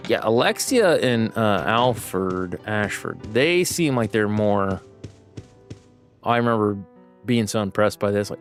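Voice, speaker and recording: Guy streaming a game, chatty and rambly, up-and-down pitch. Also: expressive, takes it slowly, soft background music. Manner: rambling, self-correcting, chatty. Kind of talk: casual gameplay commentary.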